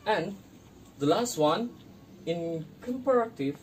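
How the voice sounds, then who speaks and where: A young student teacher from Indonesia talks through an English grammar lesson at a very slow pace. Each example word comes twice, and the phrasing is non-native. The mic sits some way off, with faint noise behind. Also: medium pitch, lively intonation, far from the mic, low-quality recording. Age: young adult.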